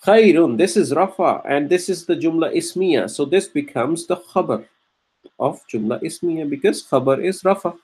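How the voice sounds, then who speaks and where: A man teaching Quranic Arabic grammar, explaining step by step with frequent restarts and throat-clearing, and chanting verses between explanations. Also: on the high side, lively intonation, moderate pace, a little mellow. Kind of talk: grammar lesson.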